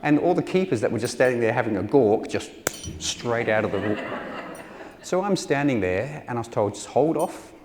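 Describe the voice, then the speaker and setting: Giving a public talk, a taxidermist tells a wry, self-deprecating story and acts out the voices of the people he quotes. His medium-pitched voice moves at a normal speed with lively intonation. The hall reverb carries crowd noise and faint ambience.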